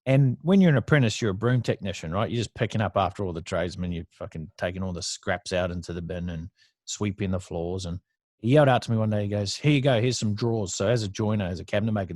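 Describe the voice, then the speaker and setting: Guesting on a casual interview, an Australian entrepreneur in his thirties tells stories in a chatty, blunt style, cursing freely. His voice sits low and is a little mellow, his pace is quick, and the clean studio recording is dry.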